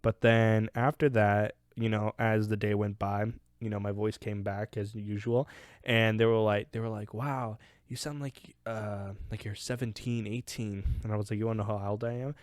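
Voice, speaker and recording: A man's voice: fairly low pitch, monotone, moderate pace, clean tone, dry recording. A teenage guy hosting a casual question-and-answer chat, rambling with lots of restarts and laughter. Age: teens. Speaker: channel host answering questions.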